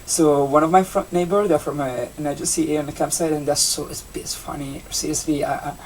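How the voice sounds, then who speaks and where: A young adult vlogger from Italy with an Italian accent, a native Italian speaker chatting casually in English, rambling and halting with many restarts and fillers. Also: mid-range voice, fairly even intonation. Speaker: vlogger, seasonal campsite entertainment worker. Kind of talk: casual vlog chat. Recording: distant mic with faint background noise.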